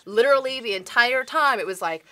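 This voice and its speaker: A woman on an anime review panel, talking in a lively, chatty way that leans on "like.". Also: on the high side, fairly quick. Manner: lively, chatty, says like a lot. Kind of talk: casual panel chat.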